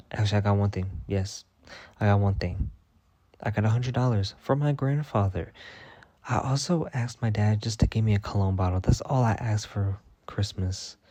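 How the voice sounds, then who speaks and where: A young man rants through stories straight to camera, cursing freely. He jumps into dramatic retellings with lots of expression. His voice is low and mellow, recorded dry and close. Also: no room sound. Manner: profane, dramatic, animated retelling. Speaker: vlogger. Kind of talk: casual storytelling rant.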